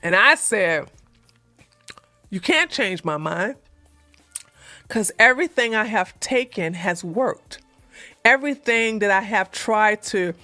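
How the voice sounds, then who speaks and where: Blunt, bright-voiced woman telling a story. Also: fairly high pitch, dry recording. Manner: blunt, animated, repeats for emphasis. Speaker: relationship advice channel host. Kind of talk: storytelling monologue to viewers.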